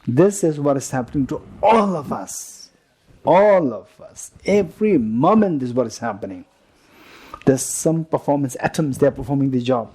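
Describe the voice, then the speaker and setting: Husky-voiced man teaching a retreat. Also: mid-range voice. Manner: halting, repeats words, chuckles between points; explains with lively examples and questions to the listeners. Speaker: Buddhist teacher. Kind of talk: retreat teaching to a live group.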